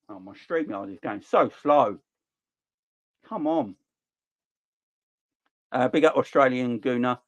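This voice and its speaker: A man in his forties with a South East London accent, hosting a football livestream and ranting passionately between relaxed chat with viewers. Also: medium pitch, takes it slowly, long pauses, muffled recording. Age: 40s. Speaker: football channel livestream host.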